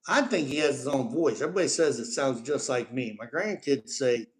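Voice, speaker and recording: A middle-aged man with a drawl talks easily and at length during a home live stream, his voice sitting at an ordinary, mid-range pitch. His chat rambles from one thought to the next, and he keeps pausing to coax and praise his parrot. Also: lively intonation.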